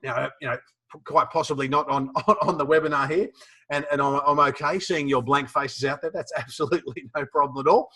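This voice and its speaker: A man's voice: on the high side, fairly even intonation, fairly quick, pushed and bright, slightly rough. An Australian man presenting a webinar, telling a funny story with lots of restarts and fillers. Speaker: professional speaker teaching a webinar.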